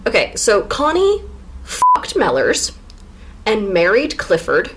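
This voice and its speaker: A woman's voice: mid-range voice, huge pitch swings, slow, background noise. A woman co-hosting a podcast, sarcastically recapping a novel in casual chat and laughing often. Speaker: podcast co-host.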